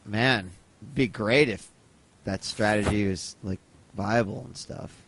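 A man in a casual gaming chat, talking in an excitable, emphatic way and swearing. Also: lowish voice, unhurried, no room sound.

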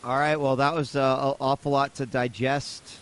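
A man's voice: mid-range voice, flat delivery, moderate pace, a bit bright. A man hosting a podcast, wrapping up with easygoing, wry remarks. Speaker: podcast host. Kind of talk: show sign-off.

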